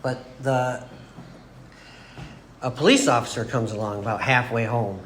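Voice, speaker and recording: A man's voice: medium pitch, steady tone, a little slow, fairly bright tone. A man in his forties telling his personal recovery story to a group, rambling and laughing at himself as he acts out what people said. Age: 40s. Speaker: AA meeting speaker. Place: meeting room. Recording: echoey room with background noise.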